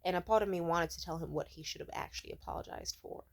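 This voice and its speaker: Low-voiced woman ranting casually. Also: quick pace. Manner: rambling, profane, many "like" fillers. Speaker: vlogger. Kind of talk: casual storytelling rant. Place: at home, sitting.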